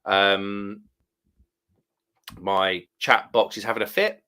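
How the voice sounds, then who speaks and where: A man's voice: on the low side, fairly even intonation, slow, bright, forceful tone, clean tone. A middle-aged man hosting a casual live stream, reading viewer comments aloud and chatting back about them. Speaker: livestream host.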